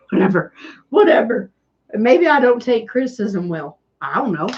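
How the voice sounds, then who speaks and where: A woman's voice: on the high side, big pitch swings, unhurried, darkish tone, muffled recording, slight background noise. A woman with a Southern US country accent chatting casually with viewers on a live stream, sarcastic and self-deprecating. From Tennessee. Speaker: DIY channel host doing a live stream.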